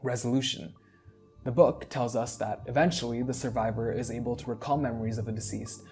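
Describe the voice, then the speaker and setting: A man calmly narrating a fantasy story in a measured reading voice. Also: mid-range voice, soft background music.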